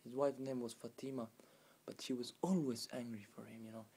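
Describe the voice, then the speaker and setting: A man casually retelling a folk tale in broken, non-native English, halting with restarts and filler phrases. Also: medium pitch, steady tone, creaky, dark tone, slightly rough. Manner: halting, with many restarts and "you know" fillers. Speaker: storyteller.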